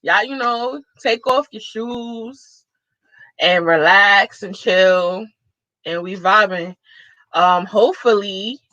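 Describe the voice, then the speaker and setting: A woman hosting a casual live-stream chat, reading comments aloud and giving shout-outs, with bursts of excited exclamation. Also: mid-range voice, slow, no echo. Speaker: livestream host. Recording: dull, dry lo-fi live-stream audio.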